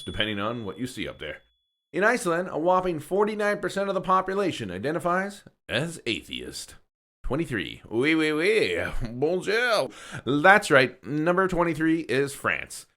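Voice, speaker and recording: A man's voice: medium pitch, a bit bright. A man in his thirties hosting a countdown video, delivering facts with playful jokes and asides. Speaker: host. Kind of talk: joking countdown narration.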